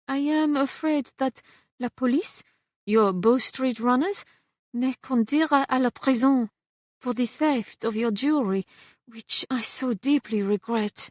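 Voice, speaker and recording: A timid young French maid , as a woman reads her, speaking with a soft French accent and polite hesitation. The voice sits a little high, and the sound is dry and close. She sounds frail and grateful. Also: a little slow, dry recording. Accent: put-on French.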